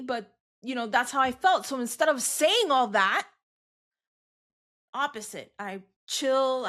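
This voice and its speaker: A woman's voice: high voice, animated, measured pace, bright, forceful tone. A woman co-hosting a podcast, casually and candidly telling a family story and acting out the dialogue. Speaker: podcast co-host. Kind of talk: casual chat.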